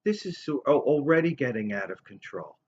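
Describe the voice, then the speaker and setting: A man's voice: mid-range voice, fairly quick, slightly rough. Guy in his 50s rambling thru a story, does people's voices, kinda muffled recording. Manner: rambling, animated, acts out other people's voices. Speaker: vlogger. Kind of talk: casual storytelling monologue. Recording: dull lo-fi recording.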